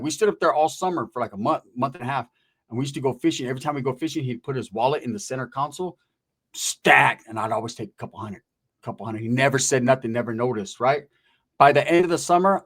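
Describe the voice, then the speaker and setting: Animated, profane male storyteller. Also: mid-range voice. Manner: animated, profane, street slang. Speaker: storyteller guest. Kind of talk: casual storytelling.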